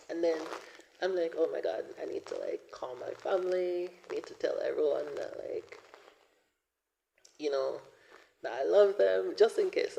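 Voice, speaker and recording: A man in his twenties hosting a podcast, telling a personal story in a rambling way, full of fillers and often dropping to a breathy whisper. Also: a little high, warm tone, slight background noise, rough recording. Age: 20s. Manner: rambling, frequent "like" and "you know" fillers. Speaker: podcast host.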